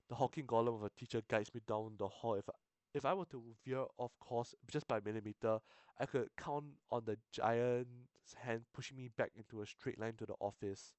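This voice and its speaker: A man's voice: mid-range voice, fairly even intonation, a little mellow, no room sound. A young man reading a visual novel aloud on stream, swearing, stumbling and restarting lines. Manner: sweary, halting, self-interrupting. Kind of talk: casual game reading with asides.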